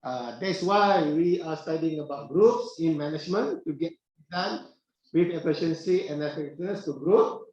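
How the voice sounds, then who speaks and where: A high-pitched middle-aged man lectures in a classroom. He talks slowly, repeats himself and pauses on "uh", often asking the class questions. The room is very echoey and the sound is dull. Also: darkish tone. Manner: unhurried, repetitive phrasing with frequent "uh" pauses and questions to the class.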